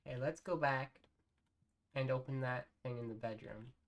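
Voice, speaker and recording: Very low-voiced woman streamer, meowing. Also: moderate pace. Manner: murmurs to herself, keeps saying meow. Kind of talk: casual game commentary.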